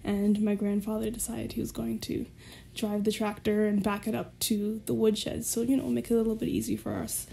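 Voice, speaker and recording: A woman's voice: medium pitch, level tone, normal speed, creaky, hardly any pauses, warm tone, slight background noise. A woman guest telling a personal story in a casual way, often laughing as she talks. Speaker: podcast guest.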